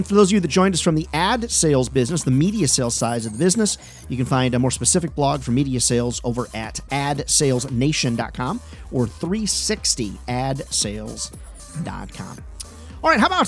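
A man hosting a sales training podcast, talking in an energetic, upbeat and conversational way. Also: mid-range voice. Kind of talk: solo podcast talk.

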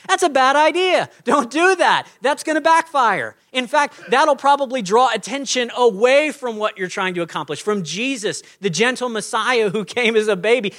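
A man preaching a sermon as a pastor, in a conversational, animated way, acting out little scenes. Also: high voice.

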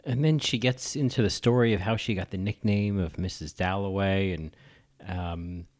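A man hosts a casual podcast and talks about a film he loves. His voice sits a little low. He is effusive and rambling, and he keeps restarting his sentences. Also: moderate pace. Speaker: podcast host.

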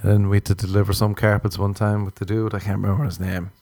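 Irish guy rambling crude funny stories, lowish mellow voice, dry close sound. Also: level tone, fast talker, dry recording. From Ireland. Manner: rambling, crude, jokey storytelling with laughs. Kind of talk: casual comedic monologue.

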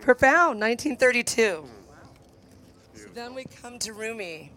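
A woman's voice: on the high side, lively intonation, measured pace. Emotional woman speaking at a wedding. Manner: warm, emotional, chatty with the crowd. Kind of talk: speech and poetry reading at a wedding. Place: outdoor desert gathering. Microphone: handheld microphone close to the mouth.

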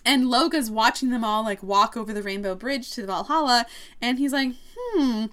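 A chatty woman telling a story casually and with energy on a podcast. Her voice sits a little high and she moves through the plot quickly. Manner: animated, quoting characters. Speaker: podcast co-host.

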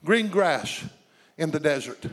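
A man's voice: on the high side, lively intonation, slow, fairly bright tone. A man preaching a sermon with passion, calling out to his congregation and drawing responses from them. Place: church sanctuary. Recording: long reverb of a large hall.

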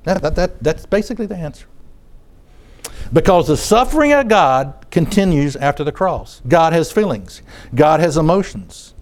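A man's voice: fairly high pitch, sing-song, normal speed. A man preaching a sermon in front of a congregation, talking in a conversational way and often repeating his phrases.

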